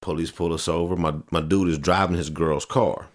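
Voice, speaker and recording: Low-voiced male podcast co-host, relaxed and slangy storyteller. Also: moderate pace. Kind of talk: casual chat.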